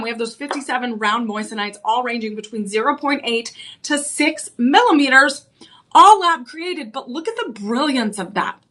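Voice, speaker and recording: A woman hosts a live home shopping show, enthusiastically pitching a ring and repeating its key selling points. Her tone is sharp.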